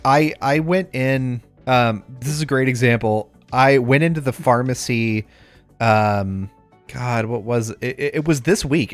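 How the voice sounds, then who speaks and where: A young father co-hosting a podcast in casual chat, reflective and hesitant, with lots of fillers and some swearing. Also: mid-range voice. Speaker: podcast co-host.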